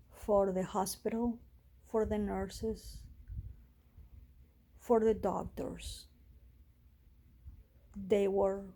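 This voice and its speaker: Woman vlogger, halting emotional storytelling, slow, husky. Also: mid-range voice, dark tone. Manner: emotional, halting, with pauses and restarts. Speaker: vlogger sharing a personal health story. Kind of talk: personal storytelling vlog.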